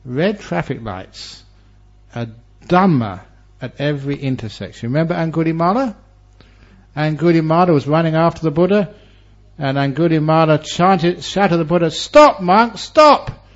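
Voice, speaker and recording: Animated male monk giving a Dharma talk. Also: fairly high pitch, moderate pace. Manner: animated storyteller with humor and varied delivery. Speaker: Buddhist monk teacher. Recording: dull lo-fi recording.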